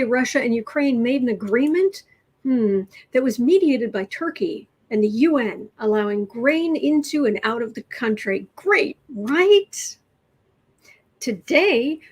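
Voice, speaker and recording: A woman's voice: fairly high pitch, breathy edge, poor audio. A woman hosting a casual livestream, reading tarot cards and reacting to the news with musing, trailing thoughts, sardonic asides and occasional dips into a whisper. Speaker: tarot reader and livestream host.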